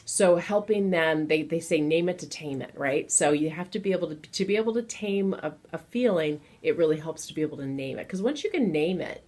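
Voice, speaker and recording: A woman with a notably low voice talks parents through helping their children, casual and unscripted. She sounds earnest and encouraging, middle-aged, and keeps coming back to specific examples. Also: a little fast, few pauses, darkish tone. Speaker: children's educator advising parents. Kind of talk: casual advice talk to parents.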